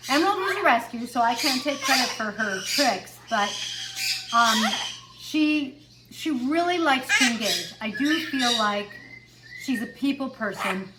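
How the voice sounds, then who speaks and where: High pitched woman chatting about her birds, lots of ums, noisy room with squawks. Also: animated, a little slow. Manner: chatty, with fillers and self-corrections. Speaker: parrot owner vlogger. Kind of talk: casual chat to camera.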